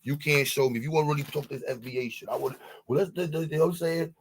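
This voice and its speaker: A man's voice: a little high, fast, slight background noise. A man on a live-stream panel, boasting and taunting, leaning on the same catchphrases again and again in a heated rant.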